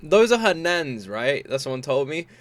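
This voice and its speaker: A man's voice: fairly high pitch, sing-song, normal speed, heavy background noise. A young British man hosting a reaction video, gushing and exclamatory, often breaking into laughter. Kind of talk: casual reaction commentary.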